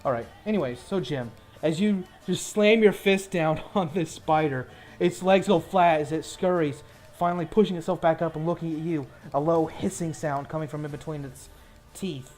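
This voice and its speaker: A game master with a fairly high male voice runs a tabletop fantasy game at a moderate pace, first explaining the rules and then narrating the combat in a relaxed, descriptive way. Soft music plays beneath his talk.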